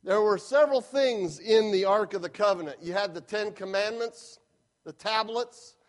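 A man's voice: high-pitched, moderate pace. A middle-aged man preaching a sermon as a pastor, stressing points with emphatic repetition.

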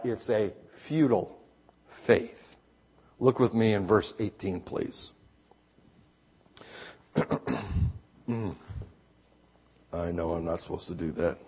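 A pastor with a lowish voice and a breathy edge preaches a sermon, sharing folksy stories from his own life and pushing his voice up for emphasis, all captured in slightly dull lo-fi audio.

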